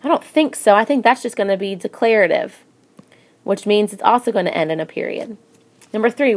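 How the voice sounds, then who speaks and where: A woman's voice: mid-range voice, fairly quick. Chatty teacher woman. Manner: chatty, reads example sentences in lively voices. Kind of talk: recorded grammar lesson.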